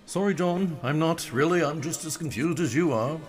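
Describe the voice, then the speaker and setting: A man's voice: moderate pace, faint music behind, lightly acted. A man voicing a baffled male ghost who needles his friend in a raised, teasing voice. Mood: wry, teasing. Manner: teasing, higher-pitched put-on voice.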